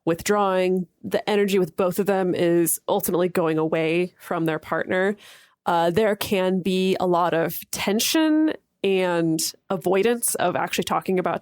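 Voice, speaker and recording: A woman's voice: lowish voice, darkish tone, no room sound, clean studio sound. A woman co-hosting a podcast in casual chat, playful as she sets up scenes. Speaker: podcast co-host.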